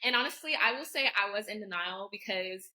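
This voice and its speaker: A young woman in her twenties talks through a personal story as a podcast guest. She rattles along quickly and keeps dropping "like" into every sentence. Her voice is bright and forward. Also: medium pitch, rough recording. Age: 20s. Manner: animated, heavy use of "like", acts out quoted voices. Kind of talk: casual storytelling chat.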